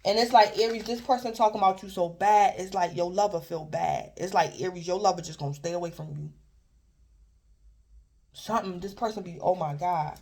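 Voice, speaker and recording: A woman's voice: fairly low pitch, fairly even intonation, a little fast, a little mellow. Lady reading tarot, loose and rambly, keeps circling back to the same point. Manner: rambling, repeats herself, keeps addressing the listener by star sign. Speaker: tarot reader. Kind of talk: casual tarot reading to a viewer.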